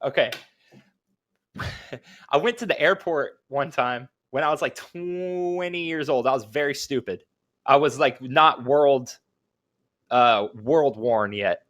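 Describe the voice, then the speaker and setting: A man's voice: mid-range voice, slow pace, long pauses, fairly bright tone. A man co-hosting a podcast, telling rambling anecdotes in casual chat, laughing and swearing. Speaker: podcast co-host.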